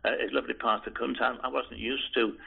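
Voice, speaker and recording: Older man, Liverpool-raised interviewee, husky and halting, tinny phone-like audio. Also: medium pitch, little pitch movement. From Liverpool, England. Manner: halting, hesitant, many restarts and repeated words. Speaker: oral history interviewee. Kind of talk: reminiscing in an interview.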